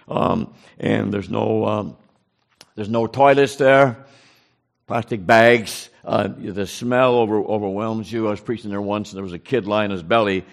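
A man's voice: medium pitch, creaky. A man giving an informal mission report to a congregation. He tells earnest stories, often repeats phrases and restarts his sentences.

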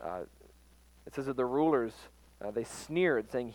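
Man, preacher, informal Bible teaching, halting with fillers, average pitch, dry close sound. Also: lively intonation, a little mellow, no echo, rough recording. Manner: halting, frequent fillers and restarts.

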